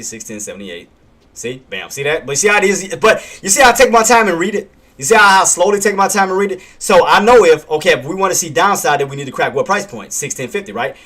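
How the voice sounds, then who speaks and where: A man on a live trading stream talks his viewers through each level in a fairly high voice. He circles back to the same points, fires rhetorical questions and answers them, and breaks into a quick chuckle or a "bam" as the market moves. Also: a bit bright. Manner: punctuates calls with "bam" and chuckles. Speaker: day-trading livestream host.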